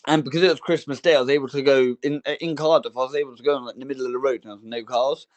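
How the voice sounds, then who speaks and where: A man's voice: mid-range voice, fairly even intonation, very fast. A young man, co-hosting a casual chat and telling a long rambling story full of fillers and restarts. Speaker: podcast co-host.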